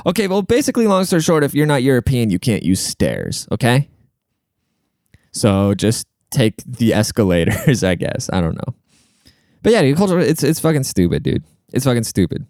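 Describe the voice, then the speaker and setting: A man's voice: mid-range voice, very animated, normal speed, a little mellow, clean tone, dry recording, studio quality. A young man ranting casually, profane, sarcastic and rambling, stopping to look things up as he talks. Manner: looks things up mid-talk. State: short of breath at times. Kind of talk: casual rant.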